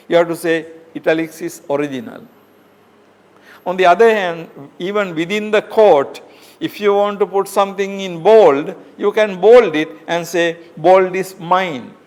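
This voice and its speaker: Male professor, slightly raised pitch, patient step-by-step lecturing with frequent fillers. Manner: explains step by step with many fillers and rhetorical questions. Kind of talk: academic lecture.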